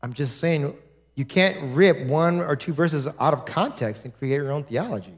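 A man preaching a sermon as pastor, repeating lines and building to shouts. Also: a little high, lively intonation, measured pace.

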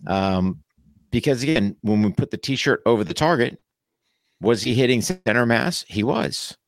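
A man's voice: mid-range voice, normal speed, no echo. A man who teaches shooting classes, talking casually and conversationally on a podcast. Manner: relaxed, conversational, uses "you know". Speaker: firearms instructor and podcast co-host. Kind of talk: casual chat.

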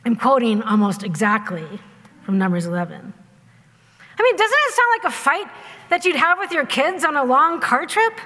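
A woman pastor giving a sermon in a conversational, wry storytelling way, acting out quotes with lively voices. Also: high-pitched, normal speed, in a large hall. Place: church sanctuary.

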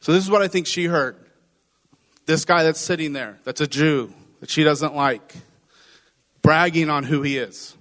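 A man preaches in a relaxed, conversational way, walking through scripture and breaking into quick acted asides. His voice sits a little on the high side. The sound carries a long reverb, as if from a hall. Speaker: pastor. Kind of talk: sermon.

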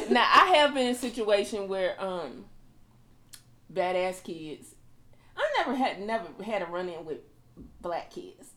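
A blunt, sassy woman in casual chat who often drops to a low murmur. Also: a bit bright, a little hiss or hum.

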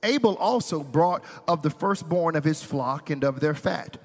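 A man's voice: on the high side, animated, normal speed, in a large hall. A man preaching a sermon as pastor, reading scripture and building intensity with playful asides. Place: church sanctuary.

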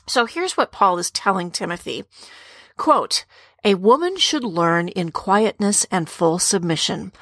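A woman's voice: mid-range voice, a bit bright, no echo, clean studio sound. A middle-aged woman hosting a Bible teaching podcast, speaking earnestly straight to women listeners and asking rhetorical questions. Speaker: podcast co-host teaching on scripture.

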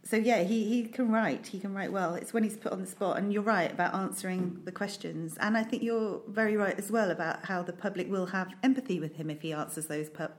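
A woman's voice: medium pitch, a little fast, few pauses. A woman co-hosting a podcast, chatting enthusiastically, asking questions and restarting her sentences. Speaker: podcast co-host. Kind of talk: casual chat.

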